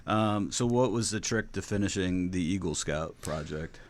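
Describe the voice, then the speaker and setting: A man hosting a podcast interview in a relaxed way, often affirming the guest. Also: sits low, normal speed, slight background noise. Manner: relaxed, affirming, lots of "right". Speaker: podcast host. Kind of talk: casual interview chat.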